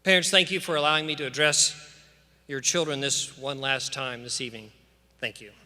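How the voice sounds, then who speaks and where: A school official addresses graduates in a large church, his steady, mid-range voice pushed and bright and a little fast. His commencement address is earnest and emphatic, woven with scripture and delivered in a preacherly cadence amid long church-hall reverb.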